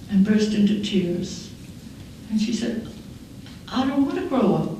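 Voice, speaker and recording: An older woman giving a keynote speech, telling stories in a measured, wry way, recorded in a large conference hall. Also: medium pitch, warm tone, slight background noise. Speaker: keynote speaker. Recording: echoey hall from far off.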